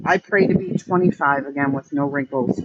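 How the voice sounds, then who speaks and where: A man's voice: medium pitch, brisk. A man, an online streamer, ranting in blunt, profane, emphatic commentary. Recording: muffled with steady background noise.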